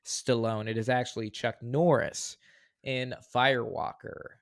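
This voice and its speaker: A man's voice: medium pitch, fairly even intonation, a little slow. A man co-hosting a podcast, running a movie quote quiz in a playful, teasing way. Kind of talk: casual podcast chat.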